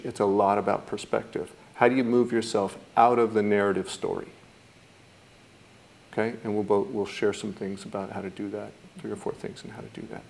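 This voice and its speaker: A man's voice: fairly low pitch, creaky, darkish tone. A man teaching a mindfulness course in a thoughtful, reflective way, now and then acting out how people react. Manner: thoughtful, acts out quoted reactions.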